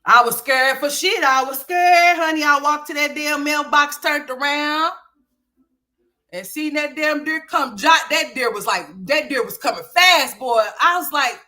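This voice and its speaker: A woman from Oklahoma hosting a livestream, telling a story in a loose, animated and profane way, dropping to low mutters and rising to loud exclamations. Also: measured pace. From Oklahoma, USA. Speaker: livestream host.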